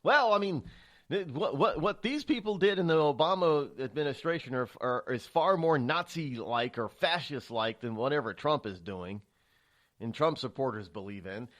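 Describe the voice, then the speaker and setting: A man's voice: mid-range voice, moderate pace. A man hosting a talk radio show, speaking in a rambling, emphatic monologue full of restarts and stammers. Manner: animated, emphatic delivery.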